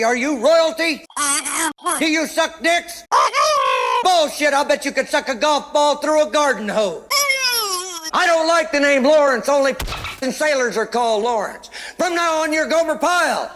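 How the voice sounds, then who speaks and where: A man's voice: very high voice, sharp tone, exaggerated voice. An actor playing a brutal, profane male military drill instructor who barks insults at a recruit in a film scene. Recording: echoey film clip with faint noise.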